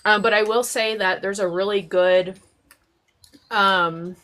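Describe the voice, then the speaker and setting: A woman's voice: mid-range voice, steady tone, slow, a bit bright. A woman hosting a casual live stream chat, rambling with many fillers and restarts.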